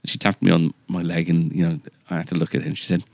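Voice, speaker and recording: Deep-voiced man rambling through an anecdote. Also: flat delivery, quick pace, vocal fry, darkish tone, dry recording. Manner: rambling, full of fillers and self-mocking asides. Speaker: podcast host. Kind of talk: casual anecdote telling.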